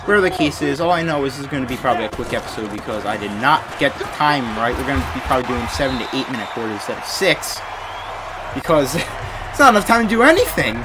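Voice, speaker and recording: A young man giving live commentary while playing a football video game, ranting in frustration, swinging between low mutters and loud outbursts. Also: heavy background noise. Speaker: gaming YouTuber.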